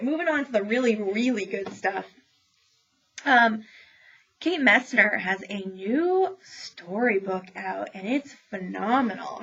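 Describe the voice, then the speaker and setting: A woman's voice: mid-range voice, lo-fi sound. A woman librarian chatting through book reviews with lots of ums and opinionated asides. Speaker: librarian reviewing new children's books. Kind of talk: casual book review talk.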